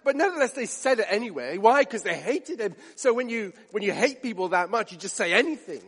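Male preacher, high voice, emphatic and repetitive, long hall reverb. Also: expressive, fairly quick, a bit bright, husky. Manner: emphatic, builds stakes with repetition and rhetorical questions. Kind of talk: sermon.

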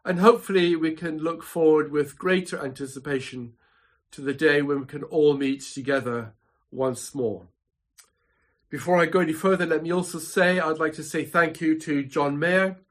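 A man preaching a sermon from his home study, measured and emphatic, building points through dramatic repetition. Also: fairly high pitch. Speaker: pastor.

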